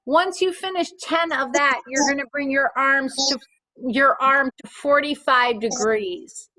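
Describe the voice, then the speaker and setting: Woman, fitness instructor, bright tone, higher pitch, clear step-by-step cues, reassuring. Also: a little slow, poor audio. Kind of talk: guided exercise class instruction.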